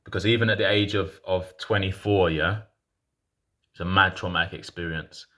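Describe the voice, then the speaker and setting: A man's voice: low voice, steady tone, normal speed, sharp tone. A man in his thirties casually telling a personal story in frank, slangy talk full of restarts.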